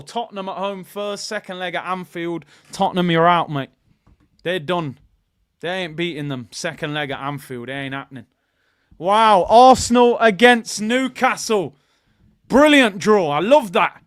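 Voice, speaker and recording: A man hosting a live football watchalong, chatting with his viewers and shouting at good news. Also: high voice, no room sound, studio quality. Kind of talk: live fan stream chat.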